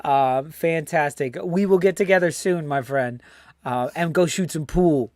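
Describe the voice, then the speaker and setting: A man from the United States hosting a casual fan show, loud and teasing, swearing freely and greeting viewers by name. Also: on the high side, measured pace, dry recording, clean studio sound. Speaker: host.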